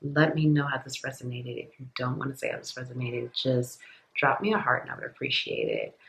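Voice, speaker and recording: A tarot reader chatting straight to viewers in a loose, rambling way, full of "like" and "you know", often repeating lines and tripping over words. The voice sits at a middling pitch. The sound bounces around a roomy space. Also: sing-song, a little fast, gravelly, a bit bright, a little hiss or hum. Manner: rambling, filler-heavy, repeats itself. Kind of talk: casual tarot reading to viewers.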